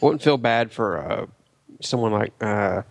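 A man's voice: lowish voice, measured pace, creaky, dry recording. A man co-hosting a casual podcast chat, making dry, wry remarks. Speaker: podcast co-host.

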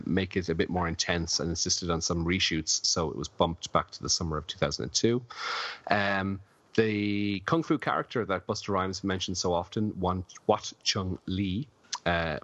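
A podcast co-host with a low but fairly bright voice is a little drunk and slurring as he rambles through film trivia with many fillers. The sound is dull, lo-fi, and dry with no echo.

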